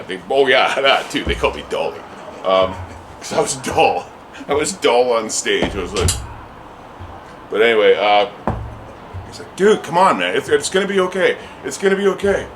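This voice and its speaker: A man's voice: medium pitch, background noise. A man, a musician telling a story in an interview, rambling with many restarts and casual swearing. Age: 40s.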